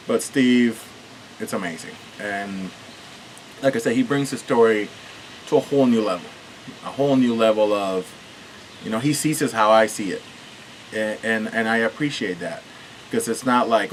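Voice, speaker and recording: A man's voice: lowish voice, moderate pace, pauses often, slight background noise, rough recording. Rambling, earnest man from Puerto Rico. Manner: rambling, earnest, with many restarts and fillers. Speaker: author. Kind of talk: casual behind-the-scenes talk.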